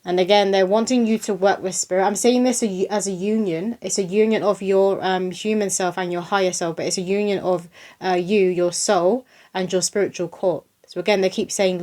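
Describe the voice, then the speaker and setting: A woman's voice: medium pitch, steady tone, brisk, dark tone. A young woman giving a casual channeled spiritual reading to camera, earnest and reassuring, often repeating her points.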